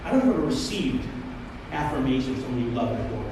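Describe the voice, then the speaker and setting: A man's voice: mid-range voice, rapid-fire, noisy background. A man preaching a sermon as pastor, in a casual, joking, storytelling way. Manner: conversational, joking, animated storytelling. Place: church hall. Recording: echoey hall, mic far off.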